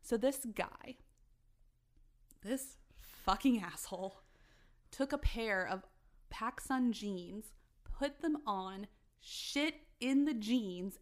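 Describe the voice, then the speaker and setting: A young woman on a podcast telling a story in casual chat, animated, swearing freely and laughing as she goes. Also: medium pitch, takes it slowly. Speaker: podcast co-host.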